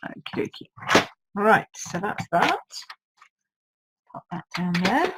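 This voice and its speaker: The recording is rough, and her medium-pitched voice sounds gravelly and a bit coarse from a sore throat. She's a woman from the United Kingdom demonstrating card-making on a live stream, chatting, thinking out loud and reading viewers' comments.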